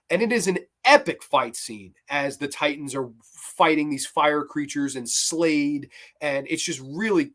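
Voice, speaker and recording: Man, casual episode-ranking chat, enthusiastic, rambling, mid pitch. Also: a bit bright. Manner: rambling, enthusiastic, quotes scenes in loose voices. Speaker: host of a cartoon review show.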